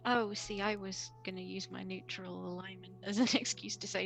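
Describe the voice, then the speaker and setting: A woman's voice: medium pitch, fairly even intonation, moderate pace, vocal fry, fairly bright tone. A woman playing a tabletop game with friends, joking and mock-exasperated. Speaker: player. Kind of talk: casual tabletop play. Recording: faint background music.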